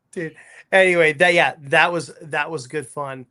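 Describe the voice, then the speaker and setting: A man on a talk show as a guest, crude and excitable, stammering over his words. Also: fairly high pitch, a little slow. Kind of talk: casual talk show chat.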